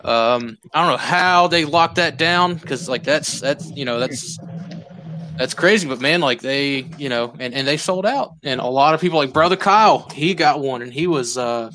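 Male podcast host, bright voice, rambling casual talker, light hiss in the background. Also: medium pitch, normal speed. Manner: rambling, many fillers and restarts. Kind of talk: casual chat.

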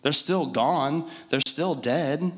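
A man's voice: fairly high pitch, slow, fairly bright tone. A man preaching a sermon in a conversational, joking way, driving points home with repetition. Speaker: pastor.

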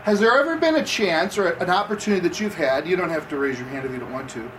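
A man's voice: a little high, animated, quick pace, a bit bright, far from the mic, slight background noise, rough recording. A man preaching a conversational sermon, asking the audience questions as he goes. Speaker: campus pastor. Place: room with seated audience.

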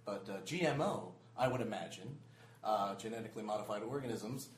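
A man's voice: fairly low pitch, expressive, fairly quick, a little hiss or hum. A man hosting a casual chat, joking and steering the talk to new questions. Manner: jokey, steers the conversation. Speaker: podcast host. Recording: echoey room.

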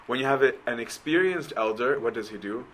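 A man's voice: mid-range voice, expressive, fairly quick, a bit bright, a little hiss or hum, rough recording. A man giving a conversational sermon, often checking in with his listeners. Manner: conversational, keeps asking right?. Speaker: preacher.

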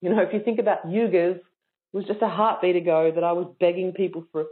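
A woman's voice: on the low side, brisk. Woman coaching over a tinny line. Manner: casual, playful, frank, teasing. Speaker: yoga business coach. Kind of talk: live online workshop talk. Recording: tinny phone-like sound.

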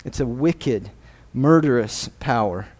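Male guest preacher, unhurried delivery, mellow voice, earnest scripture reading. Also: mid-range voice, animated. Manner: earnest, measured, reads scripture aloud. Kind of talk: sermon. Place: church sanctuary.

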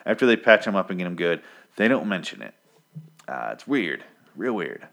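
A man's voice: deep voice, very animated, normal speed, gravelly, a bit bright. A man casually recapping a comic story in a profane, sarcastic way. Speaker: podcast host recapping a comic. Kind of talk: casual chat.

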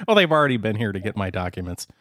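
A man's voice: lowish voice, very animated, very fast, fairly bright tone, dry recording. A man co-hosting a casual chat, with dry wry humor and a phlegmy throat. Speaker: podcast co-host.

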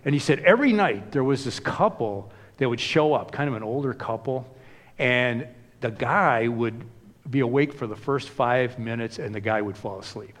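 A man's voice: medium pitch, expressive, moderate pace, fairly bright tone, long reverb tail. A man preaching a sermon in a conversational way, with many casual asides. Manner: conversational, frequent "you know" asides. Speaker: pastor.

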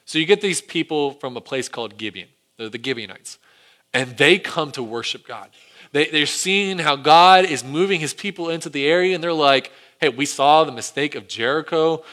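A male preacher delivers a sermon in a bright, ringing voice, pitched a bit high for a man. He tells the story with animation and slips into acted quotes. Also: animated, normal speed. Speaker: pastor.

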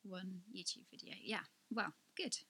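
A woman co-hosting a podcast, chatty and quick to laugh, asking lively questions. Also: mid-range voice, slightly rough. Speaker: podcast co-host. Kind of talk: casual chat.

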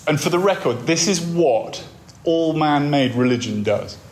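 A man's voice: on the high side, animated, unhurried, darkish tone, a little hiss or hum. A man giving a wry, conversational talk on a faith course, telling stories to make his points. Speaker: course speaker.

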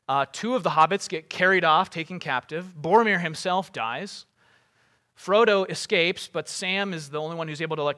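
A man's voice: fairly high pitch, sharp tone. A man preaching a sermon in a casual way, full of fillers and asides.

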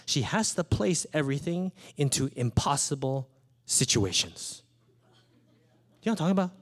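A pastor delivering a sermon, a man in his thirties who tells stories from his own life. His pitch swoops and rises as he talks. He keeps an animated, playful storytelling manner. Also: moderate pace. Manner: animated storytelling, acts out his small daughter's lines.

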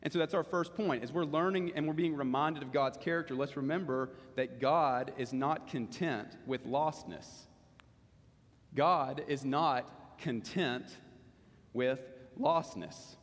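A man preaching a sermon in earnest, slowing down to stress key lines. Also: on the high side. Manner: earnest, slows down for emphasis. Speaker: pastor. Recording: long hall reverb.

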